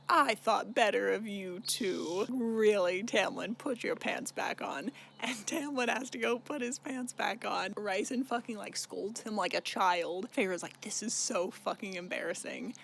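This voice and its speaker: A young woman chats her way through a book recap with a rambling, sarcastic edge and plenty of swearing. Her voice sits at a middle pitch. A faint hiss runs under the recording. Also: fairly bright tone. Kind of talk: casual chat.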